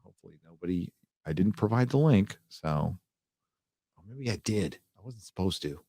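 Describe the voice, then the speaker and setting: A man's voice: deep voice, expressive, normal speed, dark tone, no room sound, clean studio sound. A man hosting a casual livestream, rambling loosely and swearing as he reads out viewer donations. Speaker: livestream host.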